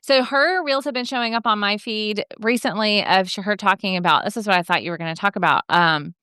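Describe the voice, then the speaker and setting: A woman with a bright, crisp, clear voice hosts a podcast conversation. She asks open questions and keeps things moving with frequent quick agreements. The recording is dry and close. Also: medium pitch, no echo. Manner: friendly, affirming, quick back-channel responses. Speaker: podcast host. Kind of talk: casual conversational interview.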